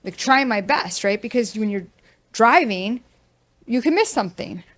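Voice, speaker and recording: A woman's voice: on the high side, animated, moderate pace, a bit bright. A woman realtor hosting a casual talk show, speaking frankly and venting her frustration. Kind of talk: casual chat.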